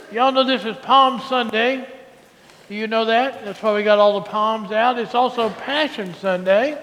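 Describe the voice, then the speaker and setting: A priest giving a lively, coaxing children's sermon in a large church. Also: male voice, sits high. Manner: animated and coaxing, with a Southern drawl. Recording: reverberant church hall, faint ambience.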